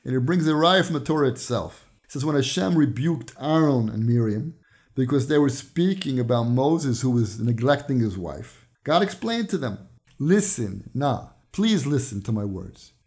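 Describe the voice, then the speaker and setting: A man's voice: mid-range voice, animated, moderate pace, a little mellow. A man hosting a weekly Torah podcast, earnestly explaining lessons through retold stories and scripture. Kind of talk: weekly religious teaching podcast.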